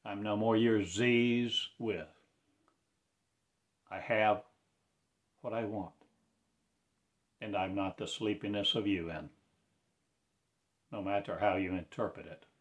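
A man delivering a rambling prophetic monologue in a slow, incantatory way, breaking into loud proclamations. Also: on the low side, fairly even intonation.

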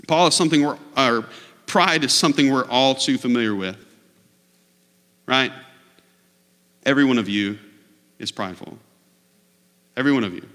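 Man preaching in a bright reverberant hall. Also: normal speed, pauses often. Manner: earnest preaching, swings from low and quiet to loud mock-shouting. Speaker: pastor. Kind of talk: sermon. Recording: long reverb of a large hall.

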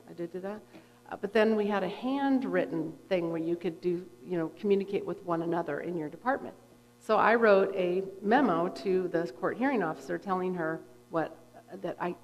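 A middle-aged woman, a therapist and guest speaker, telling a personal story in a conversational, animated way with frequent fillers. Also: mid-range voice. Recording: long reverb from a hall.

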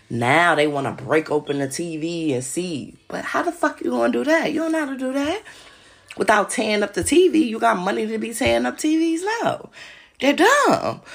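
A woman's voice: mid-range voice, creaky, husky. A woman hosting a podcast, talking in an agitated, profane monologue straight to her listeners. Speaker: podcast host. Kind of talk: casual monologue.

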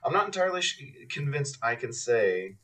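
A man co-hosting a faith podcast, talking casually and haltingly, with many fillers and restarts as he thinks aloud. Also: mid-range voice, very animated, fairly bright tone, distant mic. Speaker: podcast co-host.

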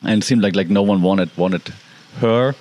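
A man tells a personal story in a casual, meandering way. His voice sits on the low side, and he keeps circling back with "like" and restarts. The sound is dry and close. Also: normal speed, a little mellow, dry recording. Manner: rambling, heavy use of "like" and restarts. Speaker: pet owner telling a personal story.

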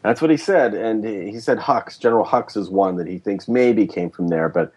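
Animated storytelling man, low voice. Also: normal speed, breathy edge. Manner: animated storytelling, lots of fillers. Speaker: guest journalist. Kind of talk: casual podcast interview.

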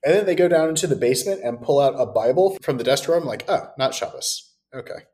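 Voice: mid-range voice, lively intonation, racing, mellow. A podcast co-host recapping a horror movie in casual, sarcastic chat and swearing freely.

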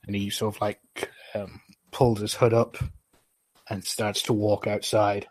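A man's voice: lowish voice, flat delivery, unhurried. A man narrating as game master, rambling with frequent fillers.

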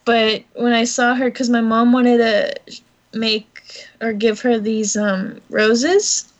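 Young woman, podcast co-host, casual chat, slow unhurried pace, fairly high voice, giggly, gushing, lots of fillers. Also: fairly even intonation, muffled recording.

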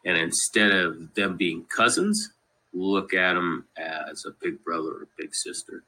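A deep, slightly rough male voice, pushed and bright, with lively intonation and a little slow, heard on a low-quality recording. He's a Colorado podcast guest rambling casually through family stories in interview style, laughing at the funny ones and saying "you know" constantly.

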